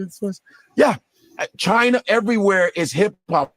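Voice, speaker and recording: A comedian guest in casual chat, talking in an animated, profane way. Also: male voice, high voice, a little fast, no room sound. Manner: animated, profane, slips into mock voices.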